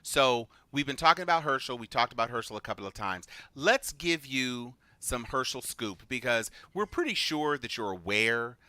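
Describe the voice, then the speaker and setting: Animated bright-voiced man co-hosting. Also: medium pitch, normal speed, hardly any pauses, no room sound. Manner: animated storyteller, acts out quotes. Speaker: podcast co-host. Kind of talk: political chat show.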